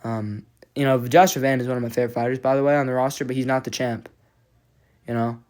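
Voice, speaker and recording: A man's voice: mid-range voice, steady tone, quick pace, darkish tone. A man talks in a loose, rambling fan reaction, stumbling over his words and restarting often. He swears a lot and sounds agitated and frustrated. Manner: rambling, profane, many restarts. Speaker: MMA fan commentator. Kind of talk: casual reaction vlog.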